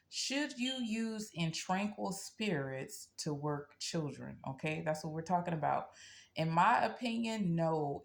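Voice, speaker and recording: A woman's voice: low voice, gravelly, a little hiss or hum. A woman hosting her own channel, talking casually and bluntly to camera, ending nearly every sentence with "okay?". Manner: earnest and blunt, telling a personal story. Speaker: spiritual practitioner and channel host.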